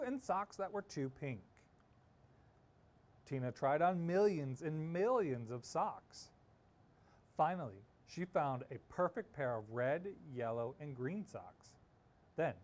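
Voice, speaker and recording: A man's voice: medium pitch, darkish tone. A man reading a children's picture book aloud, playful with the sound words. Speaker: storyteller. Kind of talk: children's story read-aloud.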